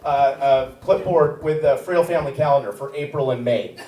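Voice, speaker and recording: A man's voice: medium pitch, moderate pace, noisy background. A man in his fifties doing a stand-up comedy set on a theater stage, rambling along with many fillers and restarts. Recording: echoey room, picked up from a distance.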